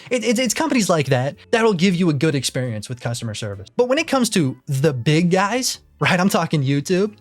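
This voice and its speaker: A young man ranting casually to camera, exasperated and swearing freely, repeating himself as he gets worked up. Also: on the high side. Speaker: YouTuber. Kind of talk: ranting commentary.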